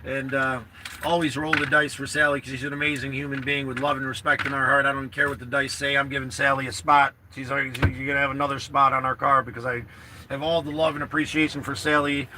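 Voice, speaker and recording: A man's voice: mid-range voice, level tone, fast, background noise. A man chatting casually to livestream viewers from his parked car, rambling and earnest, repeating himself and swearing freely. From New York State.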